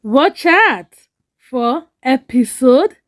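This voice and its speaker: A woman narrates a family drama slowly and solemnly, leaving heavy pauses. Her voice is high and lively in pitch, rising and falling widely across each phrase. The pace stays unhurried throughout. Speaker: storyteller.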